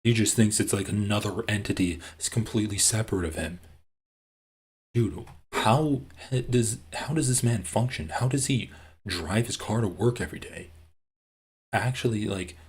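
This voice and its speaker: A man doing live-stream commentary on clips, ranting with lots of swearing and getting loud and heated. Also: on the low side, moderate pace, breathy edge. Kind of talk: livestream commentary reacting to clips.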